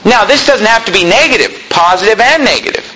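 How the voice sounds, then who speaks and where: A man's voice: high-pitched, fast, low-quality recording. A male preacher retelling a story in a conversational sermon, with frequent asides. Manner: animated, conversational, many asides.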